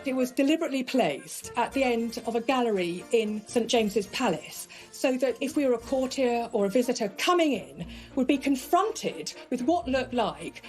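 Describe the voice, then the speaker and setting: A woman's voice: on the high side, expressive, normal speed, soft background music, low-quality recording. A woman art expert speaking in a documentary interview, explaining articulately with occasional fillers.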